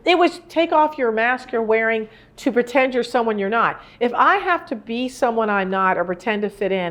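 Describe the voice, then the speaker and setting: Earnest woman in her sixties. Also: a little high. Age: 60s. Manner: conversational, rambling, earnest. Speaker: grief speaker. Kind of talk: live talk to an audience. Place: indoor room with a live audience.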